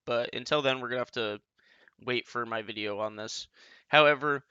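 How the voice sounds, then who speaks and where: A man's voice: mid-range voice, normal speed, sharp tone, smooth, no room sound, lo-fi sound. Rambling man explaining game rules. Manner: rambling, many restarts and asides. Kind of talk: casual rulebook explainer.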